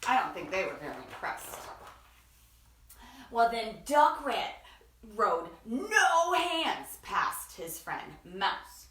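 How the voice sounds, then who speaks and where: A teacher reading a picture book aloud, expressive and asking her listeners questions. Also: mid-range voice, slow pace, reverberant, far from the mic. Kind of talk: storybook read-aloud.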